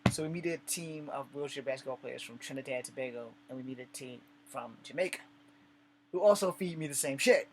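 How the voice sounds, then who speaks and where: Male vlogger from the States, mid-pitched, candid and foul-mouthed, faint hum under the recording. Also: a little fast, poor audio. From United States. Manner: blunt and profane, with frequent swearing; animated retelling with acted dialogue. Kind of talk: casual storytelling monologue.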